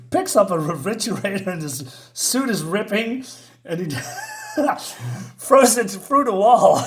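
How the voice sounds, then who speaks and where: A man casually reviewing a comic book, rambling with many fillers and chuckling often. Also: sits high.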